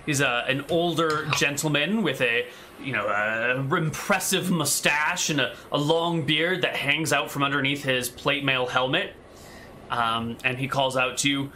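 A man's voice: medium pitch, unhurried, sharp tone, a little hiss or hum. A man narrating a tabletop game as game master, describing scenes while thinking aloud.

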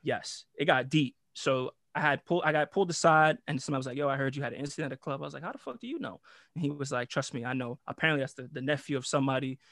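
A young man telling a story in casual podcast talk, slangy and animated, acting out what others said. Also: rapid-fire, few pauses, dry recording, studio quality. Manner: animated, slangy, acts out quotes with shifting pitch. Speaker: storyteller guest.

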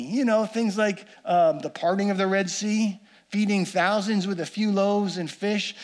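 A man delivers a sermon in a fairly high voice. He is earnest and builds his points through repetition. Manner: earnest, repeats phrases for emphasis. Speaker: pastor.

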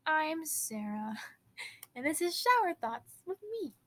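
A woman's voice: high voice, expressive, slow, fairly bright tone, poor audio. Bubbly fifteen-year-old Wisconsin girl podcasting. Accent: Upper Midwest American. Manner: bubbly, giggly, rambling with restarts. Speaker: podcast host. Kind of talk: casual teen podcast chat.

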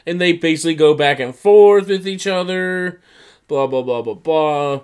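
A man co-hosting a casual podcast, retelling events with lively mock voices for quoted lines. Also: fairly high pitch, moderate pace, smooth. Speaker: podcast co-host recapping wrestling. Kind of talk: casual chat.

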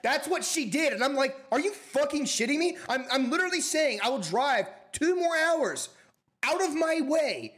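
Ranting young man, high and lively. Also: normal speed. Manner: exasperated ranting storyteller, heavy swearing. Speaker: podcast co-host. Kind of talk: casual profane chat.

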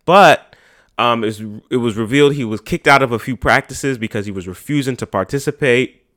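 A man's voice: mid-range voice, fairly quick, a bit bright. A man, hosting a podcast in a slangy, profane, rambling way. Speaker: podcast host. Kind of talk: casual podcast chat.

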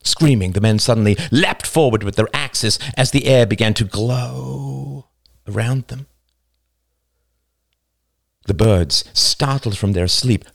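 A man narrating a novel as an audiobook, slow, deliberate and dramatic. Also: on the low side, creaky, no echo, clean studio sound.

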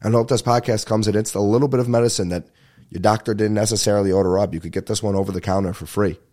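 A young man hosting a podcast, rambling in casual chat, swearing freely and talking fast. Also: on the low side, steady tone, a little mellow. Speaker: podcast host.

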